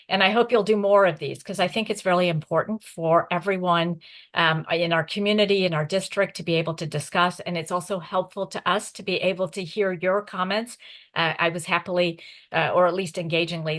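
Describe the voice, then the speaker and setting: Conversational candidate woman, lowish voice. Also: fairly even intonation, a little fast. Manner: warm, conversational, appreciative. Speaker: political candidate. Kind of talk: closing statement. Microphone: video call.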